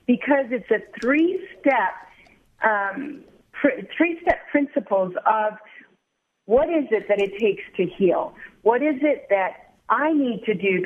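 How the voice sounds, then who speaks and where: Woman guest by phone, earnest and explanatory, tinny line, faint hiss. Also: fairly high pitch. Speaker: guest author and counselor. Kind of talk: interview answers.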